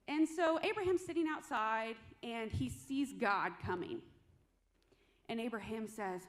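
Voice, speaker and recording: A woman's voice: a little high, expressive, moderate pace. A woman preaching a sermon in a conversational, humorous storytelling way.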